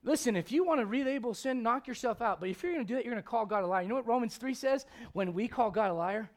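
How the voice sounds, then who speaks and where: A male pastor preaching a blunt, confrontational sermon, swinging from loud outbursts to hushed intensity. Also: very high-pitched, expressive, quick pace.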